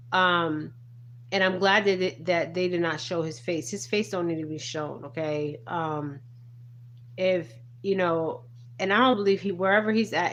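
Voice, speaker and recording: A low-pitched woman speaks in an earnest, emphatic way and checks in with "okay?" after nearly every point. It sounds like a casual spiritual commentary vlog with a faint hum underneath. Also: a bit bright. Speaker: spiritual reader.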